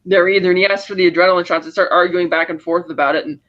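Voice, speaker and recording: A man with a high voice talks fast, walking through a film's plot for a podcast. He slips into the characters' lines as he goes. The audio is a little dull and lo-fi. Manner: animated retelling, acting out lines with raised pitch. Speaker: podcast co-host. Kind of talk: casual film recap chat.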